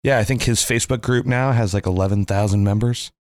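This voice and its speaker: A man co-hosting a podcast, cracking deadpan jokes in casual chat. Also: lowish voice, fast talker, no room sound, studio quality. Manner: wisecracking, deadpan quips. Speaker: podcast co-host.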